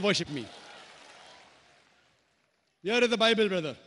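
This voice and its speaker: A man's voice: high voice, animated, moderate pace, pauses often, fairly bright tone, long reverb tail. Insistent male speaker answering audience questions. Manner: insistent, repeatedly addresses the questioner as brother. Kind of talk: public Q&A debate. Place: lecture hall with an audience.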